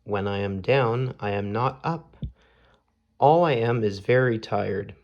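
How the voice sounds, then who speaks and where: A man reading a gentle, earnest little owl. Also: lowish voice, slow pace, lo-fi sound. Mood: puzzled. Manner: simple, earnest storybook speech.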